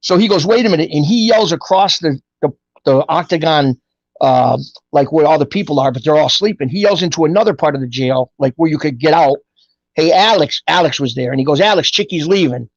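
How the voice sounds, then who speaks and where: A middle-aged man tells stories from his life in a casual, animated way and acts out the voices of people he quotes. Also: on the high side, a little fast, dry recording, lo-fi sound. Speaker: guest telling his life story. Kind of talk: casual storytelling.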